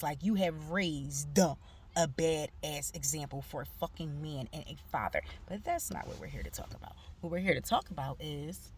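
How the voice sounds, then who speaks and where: A woman's voice: low-pitched, slight background noise. A woman, telling a profane story in a casual vlog and acting out the people she quotes. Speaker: vlogger. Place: outdoors.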